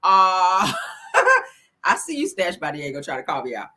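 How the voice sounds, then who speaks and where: A woman's voice: lowish voice, sing-song, moderate pace, bright, forceful tone. A woman hosting a casual celebrity gossip livestream, sassy and profane, laughing often and talking straight to her viewers.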